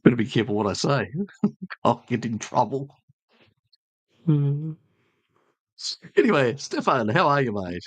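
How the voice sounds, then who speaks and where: A man's voice: medium pitch, big pitch swings, measured pace, pauses often, dry recording. An Australian man from Tasmania hosting a live stream, chatting casually with viewers in a blunt, joking, rambling way full of fillers. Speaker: live stream host answering chat.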